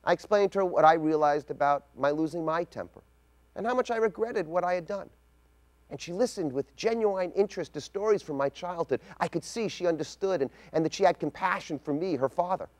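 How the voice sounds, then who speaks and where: A middle-aged man giving a scripted spoken essay as a rabbi, telling a personal story in a measured, reflective way. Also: on the high side, a little mellow.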